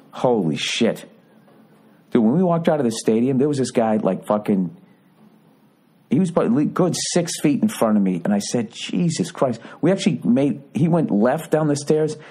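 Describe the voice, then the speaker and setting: A man talks into a podcast microphone in a low-pitched voice. He tells a long, rambling story full of swearing. His casual delivery keeps tipping into mock-indignant ranting. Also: warm tone. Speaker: podcast host. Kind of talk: casual comedic monologue.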